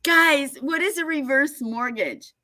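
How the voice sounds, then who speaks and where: A woman explains at an unhurried pace, leaning hard on her points. Her voice is bright and forward. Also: high voice. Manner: emphatic storyteller, laughs often. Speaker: guest speaker on foreclosure fraud. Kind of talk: casual explanatory talk.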